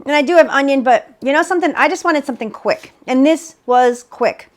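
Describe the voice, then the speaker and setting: A woman's voice: sits high, brisk. A woman hosting a home cooking video, narrating each step with upbeat enthusiasm. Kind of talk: cooking demonstration.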